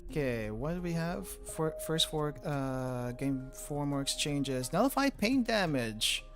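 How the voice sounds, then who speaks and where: A man's voice: on the high side, expressive, a little slow, a bit bright, soft background music. A man streaming a game, casually thinking aloud as he picks cards and mutters through his moves. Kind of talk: casual gameplay commentary.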